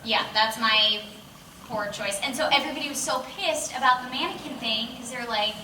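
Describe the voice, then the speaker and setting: A woman voice actor tells a funny anecdote in a bubbly, self-mocking way, often acting out the voices of the people in it. Her voice sits a little high. She sounds far from the mic in an echoey room, with noticeable background noise. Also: a little fast, sharp tone. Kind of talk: casual anecdote telling. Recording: roomy, distant mic with clear room noise.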